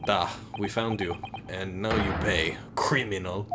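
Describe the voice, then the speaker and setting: Guy doing a loud fake-cop voice, lowish, slow and menacing, game music under it. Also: fairly even intonation, heavy background noise. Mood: accusing. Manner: loud, broken English, menacing. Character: gruff accusing Russian officer, man.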